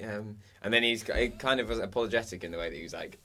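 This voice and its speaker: Gravelly low-voiced man. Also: fairly even intonation, fast, pushed and bright. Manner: rambling storytelling with many "um"s and "I was like". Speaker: podcast co-host. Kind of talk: casual chat, recounting a dream.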